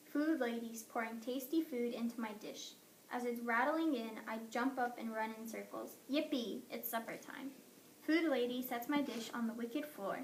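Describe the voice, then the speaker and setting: Woman narrator, expressive children's story reading, slightly high voice, echoey distant recording. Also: slight background noise. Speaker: audiobook narrator. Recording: echoey room, mic at a distance.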